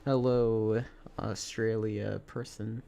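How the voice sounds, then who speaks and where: Male streamer, low-ish voice, very slow, sleepy, halting self-talk while coding. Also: level tone, vocal fry, mellow, slight background noise. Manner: thinks aloud, halting, self-correcting. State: sleepy, yawning. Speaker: game developer streaming.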